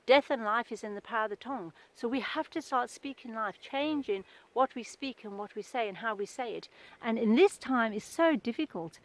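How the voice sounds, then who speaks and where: Earnest, fairly high-voiced middle-aged woman. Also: expressive, moderate pace, rough recording. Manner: earnest, conversational, anecdotal. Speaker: speaker giving a short devotional talk. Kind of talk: informal devotional talk.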